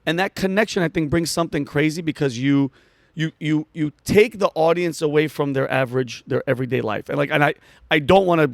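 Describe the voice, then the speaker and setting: A man, a comedian telling a story fast and excitedly in a podcast chat, acting out quotes. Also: a little high, gravelly, dry recording, studio quality. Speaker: comedian guest. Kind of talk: animated storytelling in conversation.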